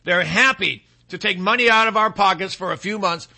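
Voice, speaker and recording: A man with a high voice and a piercing, very bright edge hosts a political talk show. He rambles, repeats himself for emphasis and slips into sarcasm, riffing loosely from one point to the next. He is from Michigan. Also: a little fast.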